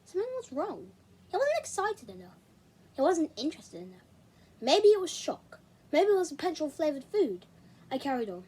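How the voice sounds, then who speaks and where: A woman reading a children's novel aloud in an expressive, animated way. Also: high-pitched, normal speed. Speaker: reader.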